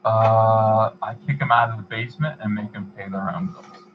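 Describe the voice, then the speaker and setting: A man with a fairly low voice hosts a livestream and chats loosely while he reads out donations. He talks in a rambling, halting way. The audio is dull and lo-fi, with a faint hiss behind him. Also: fairly even intonation. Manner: rambling, halting, many fillers and restarts. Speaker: livestream host. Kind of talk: casual chat, reading donations.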